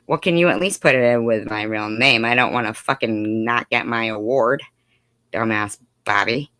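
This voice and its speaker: Man, livestreamer, sarcastic, profane, very sharp tense voice, dry sound. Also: mid-range voice, moderate pace, dry recording. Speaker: livestreamer reading chat. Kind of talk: casual livestream commentary.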